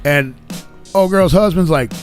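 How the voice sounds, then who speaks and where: A man's voice: fairly high pitch, unhurried. A man hosting a radio show, telling a long story in casual, profane chat and acting out the quotes of people in it. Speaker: podcast host. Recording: faint music behind.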